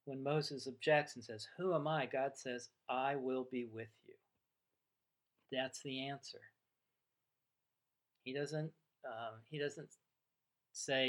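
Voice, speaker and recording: Slow, thoughtful male preacher. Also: medium pitch, steady tone. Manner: unhurried, reflective teaching with frequent restarts and quoted dialogue. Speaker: pastor. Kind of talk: sermon.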